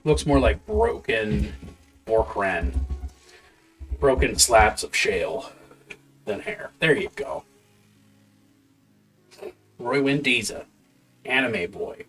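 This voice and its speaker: A man prepping a tabletop campaign out loud, muttering loose notes and swearing now and then. He talks slowly, but his pitch rises and falls a lot. Faint music plays behind him. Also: sing-song, vocal fry. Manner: mutters half-formed notes to himself, swears casually. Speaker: game master. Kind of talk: thinking aloud while prepping a campaign on a live stream. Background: faint background music.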